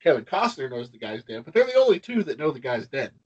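Husky-voiced man retelling movie scenes. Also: mid-range voice, big pitch swings, fast talker, muffled recording. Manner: enthusiastic, retells scenes at length with many restarts. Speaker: podcast co-host. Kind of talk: casual film-discussion chat.

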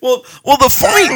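A man's voice: extremely high pitch, a bit bright. A man co-hosting a podcast in casual chat, often laughing as he tells stories with animation. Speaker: podcast co-host. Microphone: remote call.

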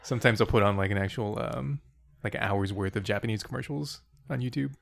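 A man's voice: lowish voice, fairly quick, vocal fry. A man hosting a podcast in casual chat, wry and teasing. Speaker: podcast host.

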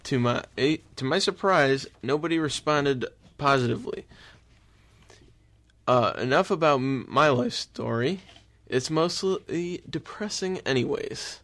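Guy cracking up while reading a ridiculous ad, slow and a little high. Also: animated, fairly bright tone. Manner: giggly, keeps breaking into laughter. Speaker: guest reading an ad. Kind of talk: comedic podcast bit, ad read.

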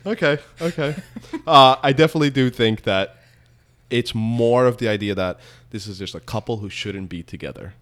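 A man's voice: mid-range voice, moderate pace, a bit bright. A man co-hosting a casual podcast chat, rambling and questioning with many restarts. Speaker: podcast co-host.

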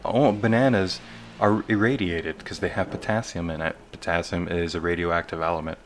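A man's voice: sits low, fairly even intonation, moderate pace, a little hiss or hum. A man co-hosting a casual podcast chat, laid-back and swearing casually. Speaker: podcast co-host.

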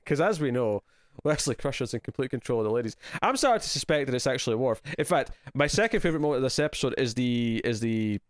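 A man with a Scottish accent co-hosting a casual chat about a TV episode, animated and laughing often, with lots of restarts. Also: medium pitch, no room sound, studio quality. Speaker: podcast co-host.

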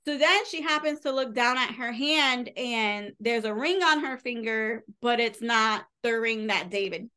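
A woman's voice: a little high, measured pace, few pauses, pushed and bright, clean tone. Chatty woman recapping a novel. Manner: chatty, rambling, heavy use of "like", casual swearing. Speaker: podcast co-host reviewing books. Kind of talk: casual book recap.

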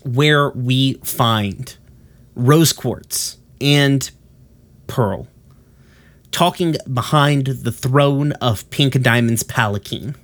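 A man's voice: medium pitch, extremely slow. A man casually retelling a cartoon episode in a rambling way, with lots of fillers and the odd swear word.

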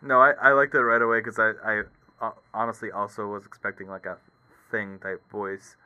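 A young man with a mid-pitched, very bright voice, chatting casually with friends. He keeps things jokey and slips into silly quoted voices. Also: flat delivery, smooth, dull audio. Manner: jokey, does quick goofy voices when quoting. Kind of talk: casual chat.

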